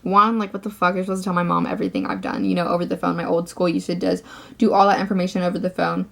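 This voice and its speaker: A woman's voice: on the low side, lively intonation, rapid-fire, vocal fry. A teenage girl vlogger telling a storytime rant, swearing often and saying "like" constantly. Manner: ranting, profane, filler-heavy.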